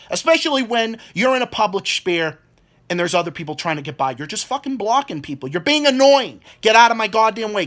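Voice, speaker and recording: A young man in his twenties rants about work, his fairly high voice swinging widely up and down. He swears nonstop, stumbles over repeated words and acts out other people in quoted bits. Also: fairly bright tone. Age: 20s. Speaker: vlogger. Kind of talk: angry rant.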